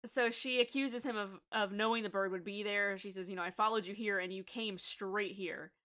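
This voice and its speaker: A woman co-hosting a podcast, casually recapping a TV episode with animated retelling and frequent laughter. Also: medium pitch, moderate pace. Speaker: podcast co-host.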